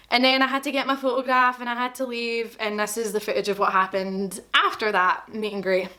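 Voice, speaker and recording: A woman's voice: mid-range voice, bright, forceful tone. A young woman with a Glaswegian accent, casually telling a story to camera in a self-deprecating, chatty way. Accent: Scottish, Glaswegian. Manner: chatty, self-deprecating, quotes people in dialogue. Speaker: vlogger.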